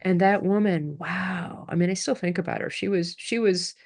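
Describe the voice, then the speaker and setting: A woman's voice: fairly low pitch, steady tone, moderate pace, darkish tone. A woman hosting a podcast conversation, speaking reflectively and often trailing off mid-sentence. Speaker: podcast host. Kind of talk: casual chat.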